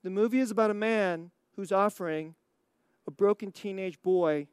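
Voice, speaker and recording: An American preacher telling a story in a sermon, animated, acting out scenes and laughing often. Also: mid-range voice, normal speed, smooth, dry recording, studio quality. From United States.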